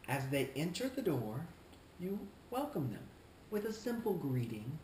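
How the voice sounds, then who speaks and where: A man playing a smug, self-important male shoe store clerk in a comedic vlog monologue, talking in a deliberate, condescending way. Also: a little high, big pitch swings, a little mellow, slight background noise. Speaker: shoe store employee character. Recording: roomy echo, faint ambience.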